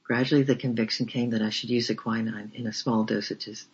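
A man narrating a memoir as an audiobook reader, with a measured, flat delivery. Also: medium pitch, husky. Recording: dull lo-fi recording.

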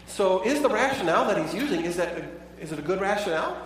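A man's voice: high voice, lively intonation, quick pace, slight background noise. A pastor preaching a sermon in a conversational way, asking his listeners many rhetorical questions. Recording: echoey hall, voice from far off.

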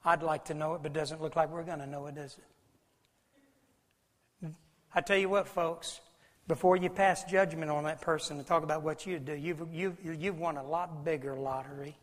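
High-pitched emphatic preacher in a reverberant hall. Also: male voice, fairly even intonation, fairly quick. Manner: emphatic, preacherly, swinging from loud declaring to low and intimate. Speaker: pastor. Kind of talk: sermon. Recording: long reverb of a large hall.

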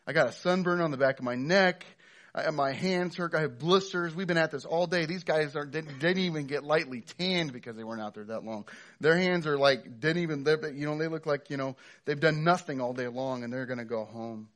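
A sunburnt day laborer grumbles and whines about his hard day in the field, voiced by a man during a sermon. His pitch rises and his voice gets louder as he complains. He sounds tired and put out. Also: brisk, natural voice. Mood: whining. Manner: whiny complaining.

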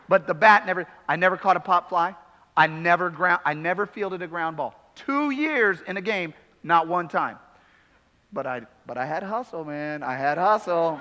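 Male pastor, thirties, high bright voice, preaching with hushed and emphatic swings, in a reverberant hall. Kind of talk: sermon.

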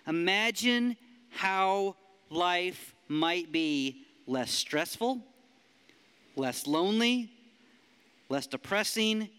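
High, bright-voiced preaching man. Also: clear, resonant tone. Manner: lively, emphatic preaching. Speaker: pastor. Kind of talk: sermon. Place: church hall. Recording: long hall reverb.

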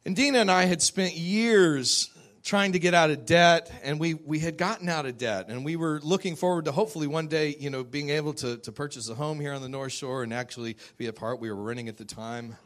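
A man's voice: a little high, a little fast, a bit bright. Man telling a personal story with humor. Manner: conversational, self-deprecating humor, laughs often. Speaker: speaker sharing a personal testimony.

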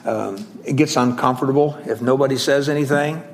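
A man preaches a sermon in a conversational, halting way, pausing and restarting often and slowing down to stress scripture phrases. His voice is medium-pitched, with slight background noise.

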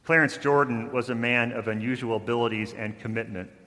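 A man preaching a sermon, telling a story with rising intensity, then softening toward a quiet close. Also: mid-range voice, steady tone, brisk, big-room sound. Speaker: pastor.

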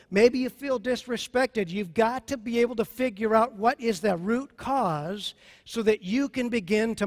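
A man with a high voice preaches to a congregation, pressing his points with emphasis and slow repetition. His voice rings out in a large hall with a long reverb tail. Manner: emphatic, repeats key phrases slowly. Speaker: pastor. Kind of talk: sermon on marriage.

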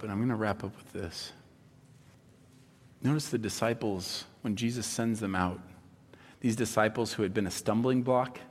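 A man preaching a sermon as a pastor, telling stories with animated delivery and acting out the voices of the people he quotes. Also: mid-range voice. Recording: long hall reverb.

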